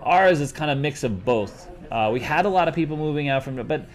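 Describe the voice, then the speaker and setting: A man's voice: a little high, lively intonation, a little fast. A man chatting casually as a local business owner, joking and rambling with frequent restarts. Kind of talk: casual chat. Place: based in Las Vegas.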